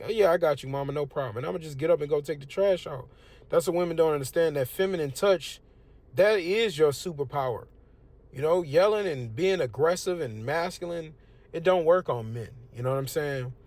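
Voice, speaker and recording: A man's voice: medium pitch, darkish tone. A young man, preaching in a casual, emphatic and conversational way. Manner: conversational, emphatic, lots of "you know what I'm saying". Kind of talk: casual street-preaching talk.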